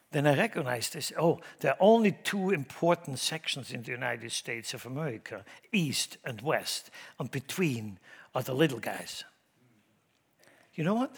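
A middle-aged man, a pastor preaching a sermon in a Midwestern church, swinging between loud exhortation and hushed asides. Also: medium pitch, lively intonation, moderate pace, gravelly, husky.

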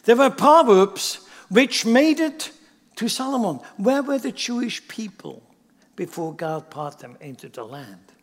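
High-voiced man preaching in a reverberant hall. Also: sing-song, a little slow. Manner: emphatic, asks the congregation rhetorical questions. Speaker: pastor. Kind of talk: sermon.

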